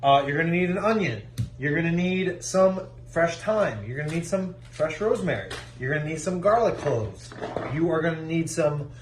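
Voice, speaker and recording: A home cooking vlogger with a fairly high male voice chats his way through a recipe while cooking in his own kitchen, upbeat and full of jokes. The recording is low quality, with a little hiss or hum.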